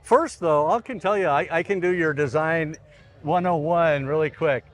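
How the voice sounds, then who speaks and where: A man being interviewed as a car design director, speaking casually, haltingly repeating words, with joking asides. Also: a little high.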